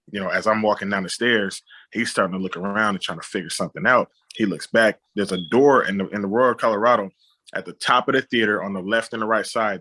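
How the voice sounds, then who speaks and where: A director and writer tells a personal story in an interview, conversationally acting out sound effects and quoted voices along the way. His voice is lowish and slightly rough.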